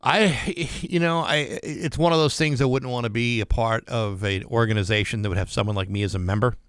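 A man co-hosting a morning radio show, delivering wry, deadpan asides and reading station promos. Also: mid-range voice, brisk, clear, resonant tone, no room sound, clean studio sound. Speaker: radio co-host. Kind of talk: casual morning radio banter. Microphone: studio microphone.

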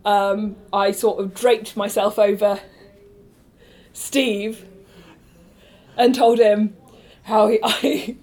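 A woman's voice: mid-range voice, level tone, extremely slow, pauses often, a little mellow. A woman guest on a podcast chatting casually about improv, self-deprecating and laughing often.

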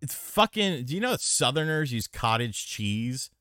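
A man with a bright, forceful voice swears his way through animated, casual stories. His pitch jumps and dips all the time, and the close mic keeps the sound dry and without echo. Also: normal speed. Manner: profane, animated storytelling. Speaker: podcast co-host. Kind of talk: casual chat.

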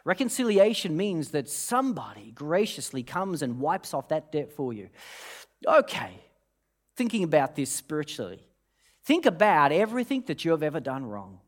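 A man preaching a sermon, telling a long humorous story with many restarts before turning to scripture. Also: a little high. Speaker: pastor.

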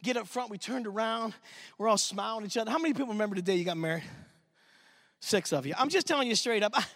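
Brief: middle-aged preacher man from Pittsburgh, high voice, animated storyteller, bright tone. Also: quick pace, no room sound. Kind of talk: sermon.

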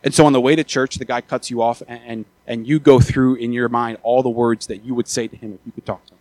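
A man preaching a sermon in a plain mid-pitched voice, recorded dry and close. He talks in a conversational way and often trips over and repeats words as he goes. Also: fairly even intonation, quick pace, no echo. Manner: builds from quiet talk to loud, high-pitched urgency. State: out of breath after the peak.

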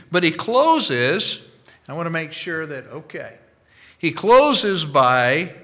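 Slow, emphatic male preacher. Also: on the high side. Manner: emphatic preaching, slow and deliberate with sudden loud bursts. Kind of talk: sermon.

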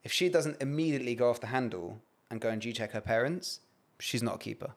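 A man's voice: mid-range voice, a little fast. A man in casual podcast chat, blunt and teasing.

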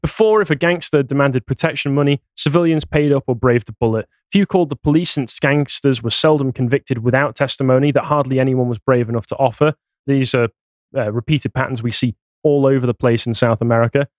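A man's voice: mid-range voice, fairly quick, dry recording, studio quality. A man co-hosting a casual podcast, reading news articles aloud and mocking them with sarcastic asides. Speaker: podcast co-host.

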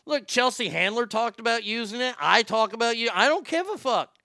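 Brief: male host, high bright voice, sarcastic and profane, dry close sound. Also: animated, fairly quick, dry recording. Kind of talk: ranting celebrity commentary.

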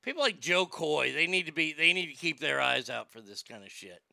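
A man's voice: a little high, big pitch swings, a little fast, gravelly, pushed and bright, no echo, clean studio sound. Stammering, boastful male show host. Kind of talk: casual chat.

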